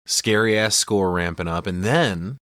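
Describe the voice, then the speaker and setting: A man's voice: on the low side, slow, no echo, studio quality. A man hosting a podcast, casually retelling a film's scenes with lots of swearing and quoted lines. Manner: profane, animated retelling with quoted character lines. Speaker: podcast host. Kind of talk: casual movie recap chat.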